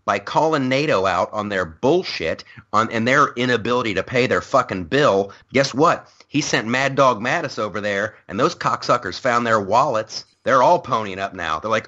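Animated, forceful male comic host. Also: mid-range voice, normal speed, few pauses, lo-fi sound. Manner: excitable and profane, acts out other people's lines. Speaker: podcast host and stand-up comic. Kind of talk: casual political chat.

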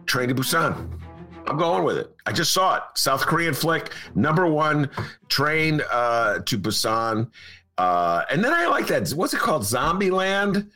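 A man's voice: a little high, sing-song, measured pace, sharp tone, soft background music. A man in his sixties hosting a podcast, chatting casually in a rambling, emphatic way and repeating himself. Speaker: podcast host and journalist. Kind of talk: casual chat.

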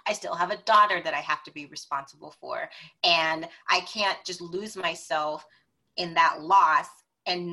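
Bright-voiced woman sharing a personal story. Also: lowish voice, low-quality recording. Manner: emotional, expressive, animated retelling. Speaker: podcast guest.

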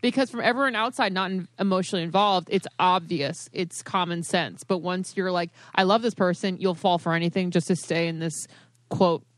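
A woman's voice: on the low side, fairly quick, no room sound. A young woman co-hosting a podcast, asking and musing in loose, hesitant phrases full of fillers. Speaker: podcast co-host. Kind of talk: casual chat.

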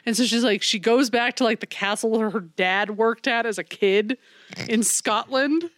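Animated, swearing woman in casual chat. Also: on the high side, a little slow, no echo, clean studio sound. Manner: animated retelling, swearing, acting out quotes.

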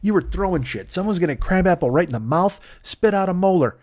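A man's voice: sits high, lively intonation, fairly quick, darkish tone, no room sound, studio quality. A male podcast host telling a comic story with profane, absurd riffing asides.

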